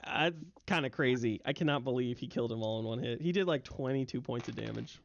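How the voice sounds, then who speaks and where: A man's voice: medium pitch, quick pace, vocal fry, dry recording. A young man narrating a tabletop game as game master, vivid and full of fillers, on a voice call. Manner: vivid, filler-heavy narration with bursts of excitement. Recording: dull, dry lo-fi mic.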